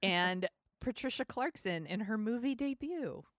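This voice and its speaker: A woman's voice: on the high side, expressive, measured pace, a bit bright, dry recording, studio quality. Chatty woman podcast host. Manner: chatty and upbeat, with frequent fillers. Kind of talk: casual chat. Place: home, San Francisco.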